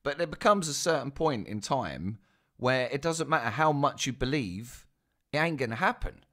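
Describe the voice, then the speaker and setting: A man's voice: medium pitch, lively intonation, normal speed, fairly bright tone. A young man telling a casual story, chatty and self-mocking, with asides to his listeners. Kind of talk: casual spoken anecdote.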